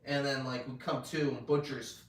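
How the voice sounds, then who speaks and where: A man's voice: medium pitch, fairly even intonation, moderate pace. A man co-hosting a casual review chat, retelling events loosely and swearing often. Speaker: show co-host. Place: room on a live stream. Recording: roomy echo, distant mic.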